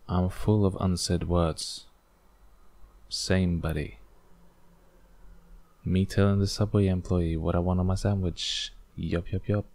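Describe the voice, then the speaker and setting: A man with a deep, flat voice and a gravelly edge rambles through his solo podcast, joking at his own expense and pausing often on fillers. English is not his first language. The sound is close and dry, with no room echo. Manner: rambling, self-deprecating, many fillers. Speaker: podcast host. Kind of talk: casual solo podcast, reacting to tweets.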